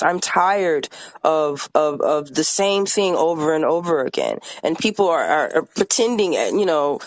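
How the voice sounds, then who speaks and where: Impassioned podcast guest, artist-activist, furious and blunt, dry close mic, mid pitch. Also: animated, a little fast, fairly bright tone, no room sound. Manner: angry, emphatic, swears often.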